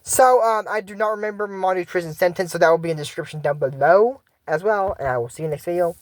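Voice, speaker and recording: A YouTube host casually recapping a cartoon episode in a rambling, halting way, with frequent restarts. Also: medium pitch, no room sound.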